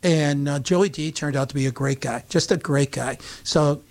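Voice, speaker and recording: An older man with an upstate New York accent tells a long, chatty anecdote at normal speed, slipping into the voices of the people in his story. His voice sits a little high and is creaky, and he comes across like a relaxed radio host chatting among friends.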